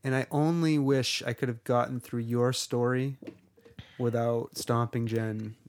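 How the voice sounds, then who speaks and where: A man's voice: medium pitch, steady tone, measured pace, a little mellow. Rambling, jokey male podcast co-host. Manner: rambling, jokey, mock British bits. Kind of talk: casual chat.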